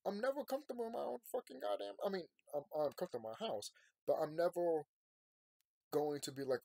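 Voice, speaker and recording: A man talking to his viewers in a rambling late-night monologue. He sounds sleepy and yawning, and he swings from quiet, tired musing to loud ranting. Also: sits high, animated, quick pace, vocal fry, no room sound, clean studio sound. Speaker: vlogger.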